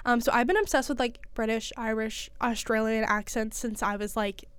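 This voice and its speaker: A woman's voice: on the high side, steady tone, moderate pace, clean tone, dry recording. A young American woman co-hosting a podcast in casual chat, giggly and full of fillers, her nose stuffed up from a cold. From United States. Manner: chatty, giggly, with many fillers. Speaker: podcast co-host.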